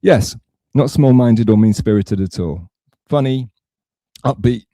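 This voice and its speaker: A man's voice: mid-range voice, measured pace, pauses often, warm tone, dry recording. A man from England talking on a livestream, rambling and self-mocking, with a sarcastic, digressive way of telling a story. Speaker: streamer.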